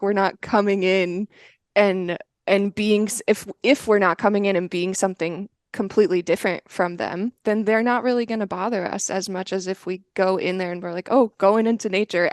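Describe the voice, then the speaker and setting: A woman's voice: medium pitch, dry recording. Woman chatting in a dry, close sound. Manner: easygoing, responsive, laughs along. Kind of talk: casual chat.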